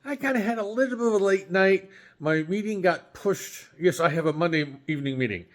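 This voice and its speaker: A man's voice: sits high, lively intonation, a little fast. A man hosting a daily home cooking vlog, chatting casually and rambling a little, often correcting himself and chuckling at his own slips. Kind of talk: casual chat.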